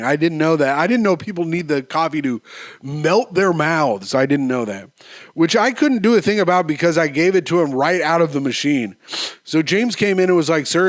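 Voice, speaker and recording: A man in his thirties hosting a solo podcast, riffing on listener stories in an animated, profane way with sudden sing-song jumps, his voice going a bit hoarse. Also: a little high, no echo, clean studio sound. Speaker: podcast host.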